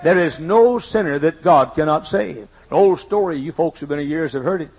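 Older male pastor, husky and slightly high-pitched, emphatic sermon delivery on a dull lo-fi recording. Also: moderate pace, darkish tone. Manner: emphatic preaching, repeats key lines, folksy asides. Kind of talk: sermon with personal stories. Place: church sanctuary.

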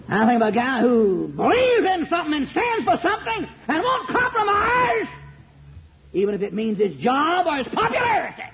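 A preacher with a very high, lively voice thunders through an old-time sermon, then falls quiet, then shouts again. He speaks into a handheld mic in a big church auditorium. The tape sounds dull and muffled. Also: creaky, husky. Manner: shouting emphatic preaching, swinging loud and soft. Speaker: pastor. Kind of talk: fiery old-fashioned sermon. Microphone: handheld microphone.

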